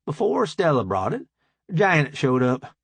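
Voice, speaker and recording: A man narrating a first-person audiobook in a relaxed, conversational way. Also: on the high side, measured pace, breathy edge, no room sound.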